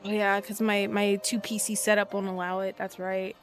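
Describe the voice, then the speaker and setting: A woman streaming a game, chatting casually and jokingly, swearing freely and swinging between quiet asides and loud outbursts. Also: mid-range voice, flat delivery, normal speed, soft background music. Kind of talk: casual live-stream chat while playing.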